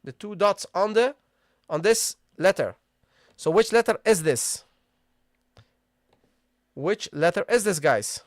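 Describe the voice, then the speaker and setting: A teacher leads a live online language lesson with a patient, repetitive style, often stopping to ask the class if they follow. The voice sits at a middling pitch. The sound is dry, with almost no room around it. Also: expressive, slow pace, long pauses, no echo. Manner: patient, repeatedly checks in with "okay?" and "guys"; repeats key points and asks the class questions. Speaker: Arabic teacher.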